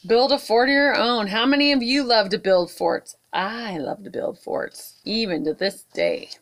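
A woman at a library storytime, reading a picture book aloud to children with expressive asides. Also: fairly high pitch, measured pace, a little hiss or hum. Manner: warm, expressive read-aloud with asides to kids.

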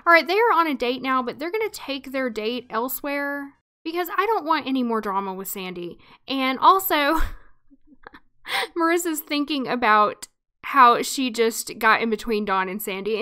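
A woman's voice: high voice, lively intonation, normal speed, bright, forceful tone, smooth. A woman hosting a life-sim let's play who chats and narrates the story in an amused way. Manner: chatty, amused. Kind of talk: casual game commentary with storytelling.

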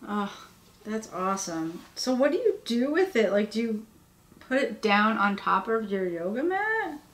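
A woman's voice: mid-range voice, very animated, a little slow. A tired woman rambling and gushing as she unboxes cute merchandise at her home workspace. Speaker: vlogger. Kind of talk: casual unboxing chat. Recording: echoey room with faint ambience.

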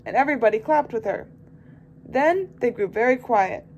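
A woman volunteer reading a children's picture book aloud with expressive, lively storytelling. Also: a little high, normal speed, muffled recording, a little hiss or hum. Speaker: volunteer reader.

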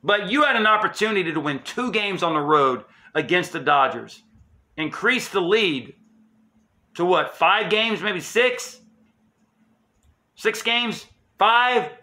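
High-pitched man ranting angrily. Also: expressive, slow pace, pushed and bright. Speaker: sports channel host. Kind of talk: angry fan rant.

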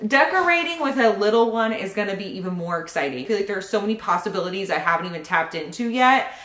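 A young pregnant woman in a casual vlog, excitedly opening baby gifts and thanking each sender. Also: mid-range voice, quick pace. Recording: echoey room.

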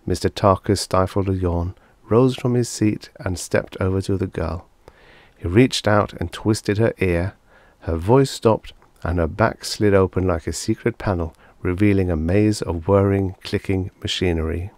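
A man narrating a vintage science fiction story as an audiobook, measured and unhurried through the descriptions. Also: low-pitched, fairly even intonation, a little mellow, dry recording.

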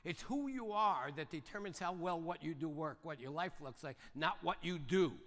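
An older man giving a motivational seminar talk, speaking fast and punchy and keeping the audience engaged with quick questions. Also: a little high, lively intonation, fairly bright tone. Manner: fast, punchy, keeps asking the audience "right?" and "yes or no?". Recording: long reverb of a large hall.

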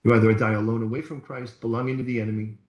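A man's voice: mid-range voice, little pitch movement, very fast, darkish tone, echoey room, rough recording. A man preaching a sermon as pastor, talking in a conversational, storytelling way. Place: church hall.

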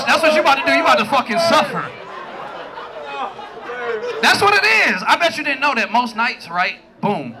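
A man doing a stand-up comedy set on a club stage, loud and profane, acting out his partners in quick voices. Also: very high voice, big pitch swings, heavy background noise. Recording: live club with loud crowd laughter.

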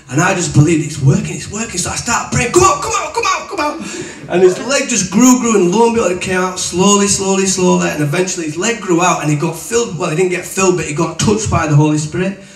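Male preacher, higher voice, chatty storyteller, roomy sound from away from the mic. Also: far from the mic. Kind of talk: testimony and teaching. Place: room with an audience. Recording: echoey room, voice from away from the mic.

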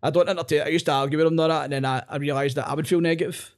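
Glasgow guy talking fast on a podcast, swears a lot, jokes at himself. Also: a little high, fairly even intonation. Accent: Glaswegian. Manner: sweary, self-mocking storyteller. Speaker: comedian guest. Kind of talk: casual podcast chat.

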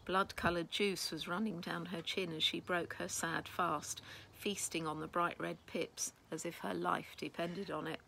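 A woman reading a children's storybook aloud with expressive first-person narration. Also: fairly low pitch, creaky, a little hiss or hum, rough recording. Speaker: children's book reader.

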